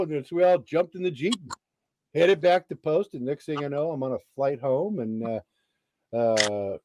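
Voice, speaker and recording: A middle-aged man and Army veteran telling a story in a casual interview, animated and swearing freely. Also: fairly high pitch, moderate pace, no room sound.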